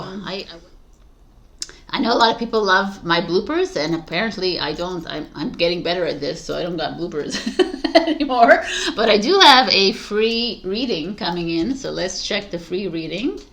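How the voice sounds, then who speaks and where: A woman reads tarot for her viewers in a loose, chatty way, laughing off her own stumbles. Her voice sits a little low for a woman. She talks straight to her audience, easy and unscripted. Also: vocal fry. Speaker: tarot reader. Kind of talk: casual tarot reading monologue.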